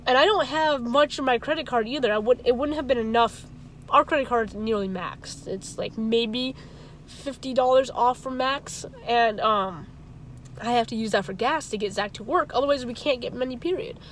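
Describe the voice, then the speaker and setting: A woman's voice: on the high side, normal speed, rough recording. A woman vlogger telling a story in a casual, emotional and rambling way, often restarting her sentences. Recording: traffic and car noise behind. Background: car and street ambience.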